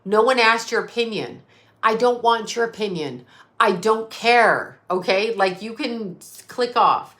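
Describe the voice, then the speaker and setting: A woman's voice: fairly high pitch, lively intonation, a little slow, fairly bright tone. A middle-aged woman ranting on an unscripted live stream, blunt, profane and sarcastic. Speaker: psychic medium live streamer.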